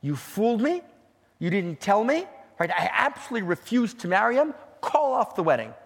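A man voicing a defiant young bride who refuses her wedding, speaking in a raised, husky voice with a long hall echo. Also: sits low, animated, fairly quick, pitched above the performer's own voice. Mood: indignant.

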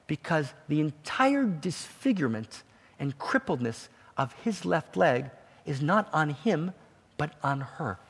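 A man tells a story as a teaching sermon, with dramatic swings and a habit of asking "right?". His voice is husky and a bit high. A long hall reverb trails each phrase.

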